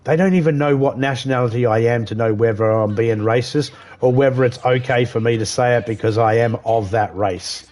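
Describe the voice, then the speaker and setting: A man streaming a game talks briskly, with hardly any pauses, in a medium-pitched, slightly mellow voice. His casual chat is rambling and profane, repeating points as it circles back.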